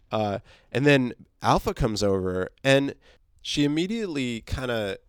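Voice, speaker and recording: A man's voice: medium pitch, animated, unhurried, clear, resonant tone, no echo, studio quality. A man casually recapping a comic book, rambling with fillers and restarts. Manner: rambling, many fillers, laughs, swears.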